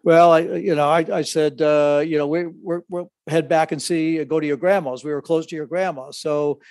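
Older man, halting and full of restarts. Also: a little high, fairly even intonation, darkish tone, no room sound, studio quality. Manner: halting, many restarts and fillers. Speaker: podcast co-host, father of the other host. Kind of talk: casual chat.

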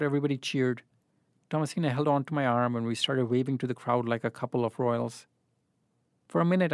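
A man reads literary fiction aloud. His narration is measured and even, at a middle pitch. The recording is dry and close. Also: dry recording. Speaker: reader.

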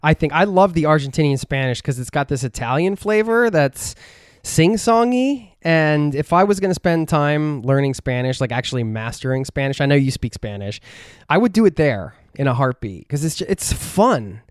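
A man's voice: mid-range voice, lively intonation, a little fast, dry recording, studio quality. A man hosting a travel talk show, asking easygoing conversational questions. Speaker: host. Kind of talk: casual interview.

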